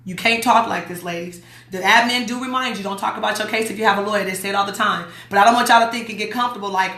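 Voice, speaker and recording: A woman from Las Vegas talks straight into her phone on a livestream, blunt and emphatic, hammering home her warnings. Her voice is bright and forward, and the room around her is echoey. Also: medium pitch, fairly even intonation, fast talker. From Las Vegas, USA. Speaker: host. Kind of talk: livestream talk reading viewer comments.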